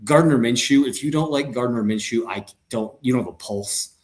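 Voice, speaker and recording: Animated joking man talking football. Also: mid-range voice, moderate pace. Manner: animated, joking, many fillers and restarts. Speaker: podcast co-host. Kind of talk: casual sports chat.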